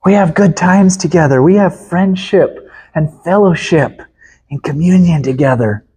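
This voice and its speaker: Brief: male preacher, high-pitched, husky, emphatic, dropping to hushed tones. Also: measured pace. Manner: emphatic, swings from loud to hushed, chuckles. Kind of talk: sermon.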